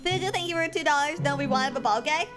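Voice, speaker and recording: High-voiced playful woman streamer. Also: fast, a bit bright. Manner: playful, giggly, mock-dramatic whining. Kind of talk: casual game stream chat. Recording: music playing behind the voice.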